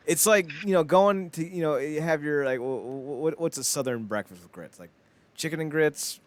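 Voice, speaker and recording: A man with a higher-pitched voice speaks unhurriedly, leaving long pauses. He co-hosts a casual podcast chat, rambling bluntly, swearing freely, and saying "like" constantly.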